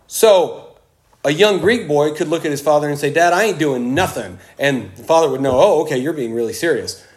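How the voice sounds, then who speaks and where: A man preaching a sermon, slow and emphatic, with dramatic pauses. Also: on the high side.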